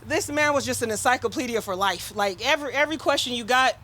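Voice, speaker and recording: A woman's voice: on the high side, fast talker, pushed and bright, slight background noise. A woman speaking at her father's memorial, casual and heartfelt, chatting with the gathered crowd. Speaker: eulogy speaker, daughter of the deceased. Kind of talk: emotional memorial speech.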